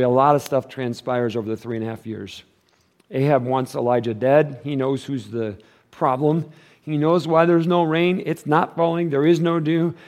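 Preaching a sermon, this male pastor keeps things casual and conversational, dropping slang as he swings from loud, emphatic stretches to quiet, low passages.

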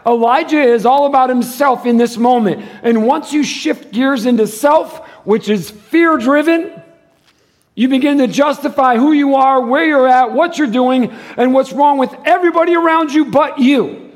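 A male pastor preaching a sermon to his church, animated and moving between loud, emphatic stretches and hushed, quiet ones. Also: very high-pitched, moderate pace. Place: church service.

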